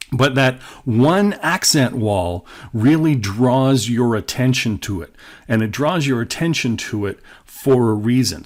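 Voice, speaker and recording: Man explaining radio production casually. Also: mid-range voice. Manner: conversational, plainspoken explaining. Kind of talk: classroom lecture with examples.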